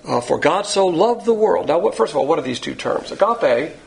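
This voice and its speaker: Male Bible teacher, blunt lecturing delivery, gravelly and animated, slightly high-pitched. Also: a little fast, slight background noise. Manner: blunt, lecturing, uses a board. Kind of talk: sermon-style Bible lesson.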